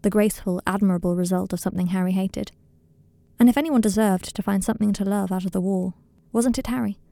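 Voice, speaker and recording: A woman narrating a fan fiction story aloud in a calm, measured way. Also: medium pitch, creaky, dry recording. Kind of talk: audiobook narration.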